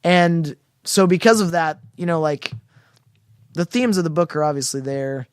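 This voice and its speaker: A man co-hosting a film podcast, talking in a rambling, halting way with frequent restarts as he searches for words. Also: fairly high pitch, smooth, no room sound, clean studio sound. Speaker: podcast co-host. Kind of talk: casual film discussion.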